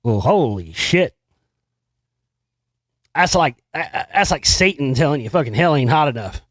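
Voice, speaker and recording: A man's voice: fairly high pitch, lively intonation, unhurried, no room sound. Profane, rambling man hosting a show. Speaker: host. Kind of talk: casual monologue commenting on news.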